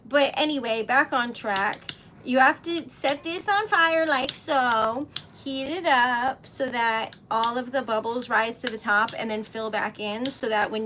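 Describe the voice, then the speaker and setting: A woman's voice: high-pitched, a bit bright, a little hiss or hum. A woman hosting a casual craft livestream, chatty and easily flustered, laughing often. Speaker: livestream host making wax seal stickers.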